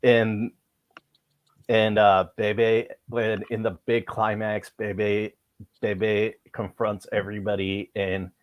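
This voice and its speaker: A man in casual chat on a live stream who talks haltingly, restarting and repeating words. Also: fairly low pitch, flat delivery, lo-fi sound.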